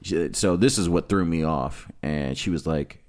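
A man's voice: rumbling low, normal speed, darkish tone. A young man telling a profane story in casual chat, acting out quotes from the people in it.

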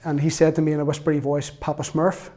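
A man's voice: on the high side, monotone, racing, mellow. A man preaching a sermon, reading scripture aloud with earnest feeling and a self-mocking sense of humor.

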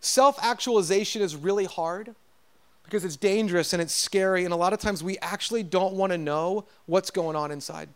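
A pastor preaching an earnest sermon, calling out to his congregation and dropping softer to stress his points. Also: sits high, a little fast, clean tone.

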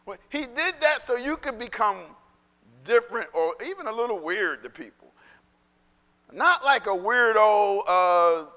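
A male pastor preaching a sermon in an animated, conversational way that swings into shouting. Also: sits high, a little slow, long reverb tail.

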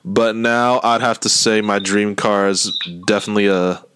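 Low-voiced man chatting casually. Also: moderate pace, slight background noise. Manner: relaxed, rambling, laughs often. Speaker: host. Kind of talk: casual chat.

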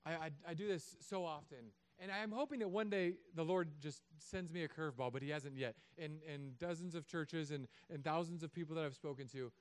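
A pastor in his thirties preaches with a high, smooth, resonant voice. He jokes and acts out little voices as he goes. The sermon is given in a church. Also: a little fast, hardly any pauses. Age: 30s. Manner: animated, joking, acts out voices.

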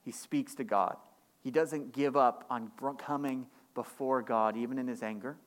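A man preaching a sermon as pastor, climbing higher and louder on key points and dropping low and quiet in reflective stretches. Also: normal speed. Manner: impassioned, rising in pitch and force on key points; drops to a quiet, low delivery for reflective passages.

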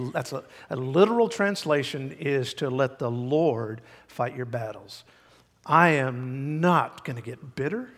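A man's voice: medium pitch, in a large hall. A man preaching a sermon in a church, folksy and emphatic, sometimes mimicking people to make a point. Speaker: pastor. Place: church sanctuary.

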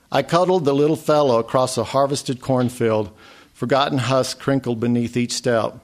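A man reading a literary memoir story aloud in a measured way. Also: mid-range voice. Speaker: narrator.

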